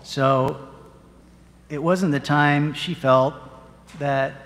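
A parish priest giving a sermon, telling a story in an earnest, measured way. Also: male voice, a little high, fairly even intonation, a bit bright. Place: church. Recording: long church reverb.

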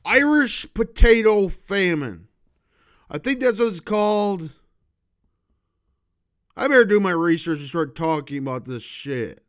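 A man with a high, bright voice hosts his own comedy vlog, delivering a loose, rambling monologue in a sharp, ringing tone. Animated yet unhurried, he takes his time over each phrase, swinging from loud outbursts to quiet asides with long pauses.

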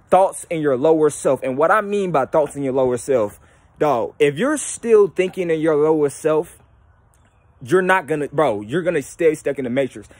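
A young man hosting his own channel, talking casually and profanely about spiritual ideas, animated and slipping into mocking voices. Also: fairly high pitch, dry recording. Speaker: YouTube channel host.

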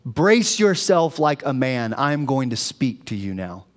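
A man voicing God speaking from a storm, slow and emphatic with mocking questions. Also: mid-range voice, sing-song, voice pushed down. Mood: thundering. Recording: long reverb of a church hall.

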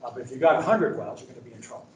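A middle-aged man giving a conversational, anecdote-filled training talk with lots of fillers, like a sales pitch. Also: lively intonation, racing, darkish tone, distant mic, a little hiss or hum. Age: middle-aged or older. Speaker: presenter at a training event. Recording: echoey room, speaker away from mic.

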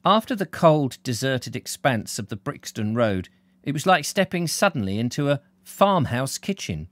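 Giving a live novel reading, this British storyteller speaks at medium pitch, very animated, at a moderate pace, in a dry recording. Afterward he chats with his live-stream viewers and reads their comments aloud warmly.

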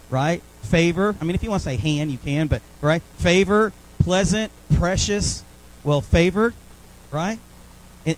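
A man's voice: a little high, poor audio. Southern preacher man, keeps asking right. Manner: animated, frequent "right?" checks with congregation. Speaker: pastor. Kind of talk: sermon. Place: church sanctuary.

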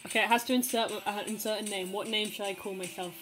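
A woman's voice: medium pitch, fairly even intonation, fast, over music, poor audio. A woman reading fanfiction aloud in a casual, playful way, often breaking into laughter. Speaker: fanfiction reader.

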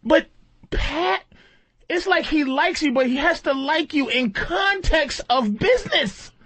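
A man bantering on a radio talk show, loud and profane, laughing as he acts out the other people he talks about. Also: very high-pitched, expressive, measured pace, dry recording. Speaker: comedian guest.

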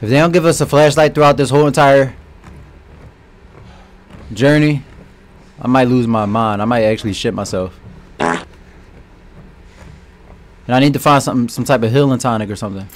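A man's voice: medium pitch, moderate pace, pauses often, a little hiss or hum. A young man commenting live as he plays a horror game, jumpy, swearing often and talking straight to his viewers. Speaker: gaming streamer.

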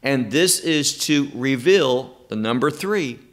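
A man teaching a Bible study sermon in an emphatic, deliberate, preacherly way. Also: medium pitch, lively intonation.

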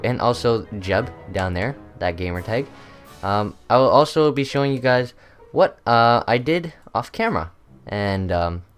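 A young man hosting a gaming video, chatting loosely through his gameplay with lots of ums and uhs. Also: mid-range voice. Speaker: gaming channel host. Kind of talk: casual gameplay commentary.

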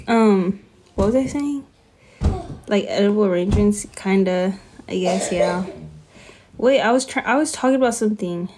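A woman's voice: medium pitch, moderate pace, pauses often, mellow. Young woman, casual phone live stream, rambling and giggly, faint hiss behind. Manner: chatty, lots of "like" fillers, laughs often. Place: her bedroom.

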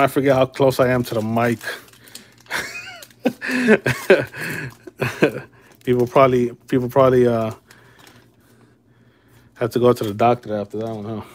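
Laid-back man hosting a card break. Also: medium pitch. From Chicago area. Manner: laid-back, calls viewers brother and man. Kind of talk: casual livestream card break.

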